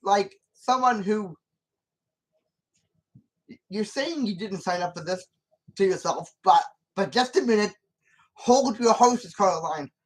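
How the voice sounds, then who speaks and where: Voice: medium pitch, animated, slow pace, long pauses, rough recording. A channel host giving casual commentary on a film, rambling and repeating points with many restarts and arguing emphatically with the character.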